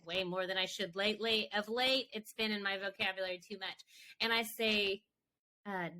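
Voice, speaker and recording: A woman's voice: medium pitch, steady tone, moderate pace, sharp tone, rough recording. A woman co-hosting a podcast, recapping an episode in a playful, casual way and laughing often. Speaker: podcast co-host. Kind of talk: casual chat.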